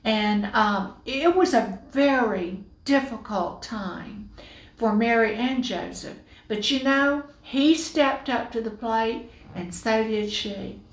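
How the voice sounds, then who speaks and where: A woman preaching a Christmas sermon, telling the story with lively, playful asides. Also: on the high side, takes it slowly, roomy sound, rough recording.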